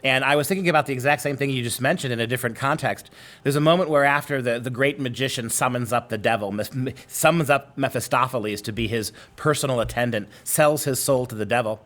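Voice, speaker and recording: A man with a mid-range voice talks like a professor in conversation. He explains with animated, thoughtful energy, moving easily between ideas. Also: mid-range voice, fast talker. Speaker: literature professor. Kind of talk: conversational discussion.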